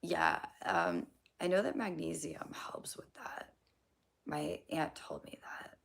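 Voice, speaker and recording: A hoarse young woman talks loosely to her livestream chat, swearing and drifting between thoughts. Her voice sits deep for a woman and is heavily gravelly and husky. Her pitch still bounces around a lot as she talks. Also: wildly swooping pitch, slow pace, whispered. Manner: rambling, swearing, slangy, laughing at her own jokes. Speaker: livestream host answering chat.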